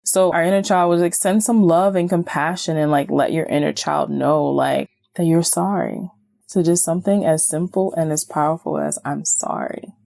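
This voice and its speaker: Low gravelly-voiced woman host. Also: moderate pace, dry recording. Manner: animated, acts out quoted voices, many "like"s. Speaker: podcast host and certified hypnotist. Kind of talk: casual self-help talk.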